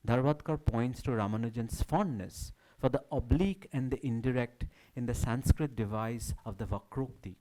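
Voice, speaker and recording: A man reading a prepared academic talk at a symposium, with a measured, declamatory delivery. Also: medium pitch, warm tone, rough recording. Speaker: academic speaker. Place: symposium hall.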